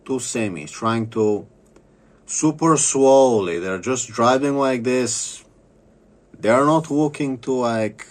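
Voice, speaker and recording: A man delivering an angry, profane vlog rant, bitter and repeating phrases for emphasis. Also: mid-range voice. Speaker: vlogger. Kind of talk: angry ranting monologue.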